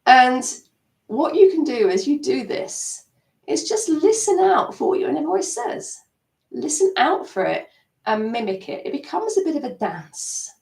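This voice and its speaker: A woman coaching an EFT tapping session on a live stream, animated and acting out her inner self-talk. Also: high-pitched, a little slow, vocal fry. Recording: roomy sound, mic at a distance.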